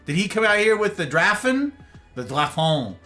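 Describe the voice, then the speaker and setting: A man's voice: high voice, expressive, a little fast, sharp tone, soft background music. A man streaming live, reading out his chat and joking with viewers in a rambling, casual way. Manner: rambling, jokey banter with viewers.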